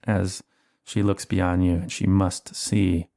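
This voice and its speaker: A man narrating as game master of a tabletop horror game, relaxed and thinking aloud with fillers, over an online call. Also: low voice, slow pace, vocal fry.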